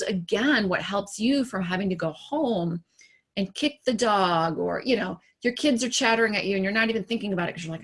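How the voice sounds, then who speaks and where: A woman executive coach giving a motivational talk to camera, animated and conversational, asking rhetorical questions and acting out quoted remarks. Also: medium pitch, slightly rough. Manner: acts out quoted remarks in livelier voices.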